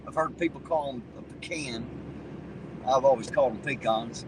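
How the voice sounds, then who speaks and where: A man hosts a casual livestream, reading viewer comments aloud in a folksy way, swearing and chuckling. His mid-range voice is fast, and the distant mic picks up loud traffic noise.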